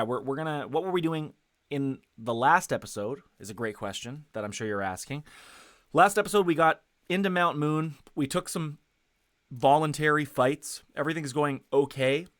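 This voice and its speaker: A man's voice: mid-range voice, fairly bright tone, no room sound, studio quality. A man streaming a video game, chatting casually with viewers, rambling with plenty of fillers and restarts. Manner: rambling, self-correcting, lots of fillers. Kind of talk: casual gameplay commentary. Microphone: headset.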